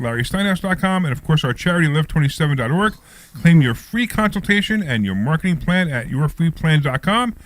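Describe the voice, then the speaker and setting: A man hosting a radio talk show, reading sponsor spots and trading teasing banter with his co-hosts in the studio. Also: fairly high pitch.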